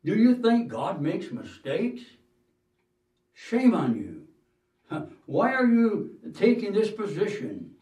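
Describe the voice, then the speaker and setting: A man voicing an elderly woman, a cheerful devout patient, in a fervent, drawn-out scolding manner. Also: sits high, wildly swooping pitch, darkish tone, full character voice. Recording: roomy hall, mic at a distance.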